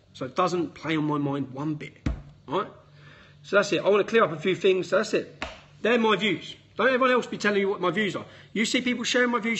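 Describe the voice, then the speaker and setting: A man's voice: high voice, pushed and bright, slightly rough. A man giving a blunt, indignant statement straight to camera, hammering his points home.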